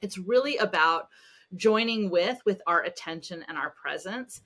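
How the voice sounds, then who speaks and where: A middle-aged woman guesting on a podcast, her voice bright and forward. She tells family stories in a lively, self-deprecating way and pokes fun at herself. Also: fairly low pitch, normal speed. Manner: animated storytelling, self-deprecating. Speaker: podcast guest, parenting expert. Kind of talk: casual podcast conversation.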